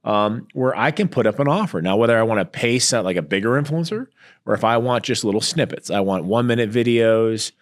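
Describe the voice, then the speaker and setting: A middle-aged man with a slightly low voice talks through his business experience in a casual interview. He is animated and tells stories, switching into the voices of the people he quotes. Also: fairly quick. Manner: animated storyteller, acts out quoted exchanges. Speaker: entrepreneur guest.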